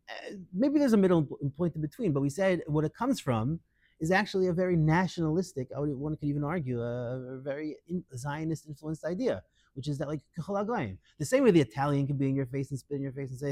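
A middle-aged man teaching a lively Torah class, acting out quoted voices and mixing Hebrew into English. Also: on the high side, fast, no room sound.

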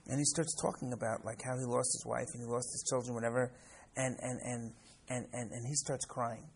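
Teaching a classroom lesson woven with personal stories, this American man in his sixties is a rabbi who repeats words and keeps checking in with "right?". He speaks a little fast in a steady, medium-pitched voice that is creaky with a breathy edge.

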